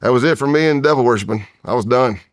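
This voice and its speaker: A man's voice: mid-range voice, fast talker. A man in his fifties from the United States, a podcast guest telling a long personal story in a candid, rambling way with frequent restarts. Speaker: podcast guest, retired federal agent. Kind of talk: casual storytelling in a long-form interview.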